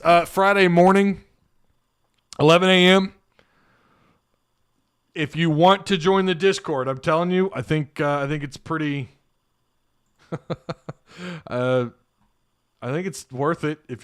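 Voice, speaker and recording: Man, stream host, chatty, laughs often, smooth voice, dry close sound. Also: a little high, unhurried, long pauses, a bit bright, no room sound. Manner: laughing, joking, thinking aloud. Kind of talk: casual live stream chat reading comments.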